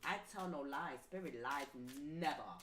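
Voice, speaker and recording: A woman's voice: low voice, normal speed, fairly bright tone. A woman reading tarot for her viewers, talking emphatically and repeating herself like a preacher. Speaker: tarot reader. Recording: roomy with faint ambient noise.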